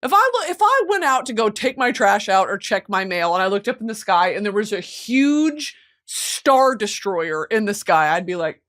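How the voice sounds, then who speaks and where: A woman hosting a podcast in casual chat, goofy and excitable, given to loud squeals and dramatic wails, and swearing freely. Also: medium pitch, normal speed. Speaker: podcast host.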